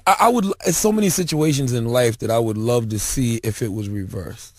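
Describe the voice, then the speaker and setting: A man's voice: mid-range voice, a little fast, no echo, clean studio sound. A man co-hosting a casual podcast, arguing emphatically with a lot of profanity. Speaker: podcast co-host.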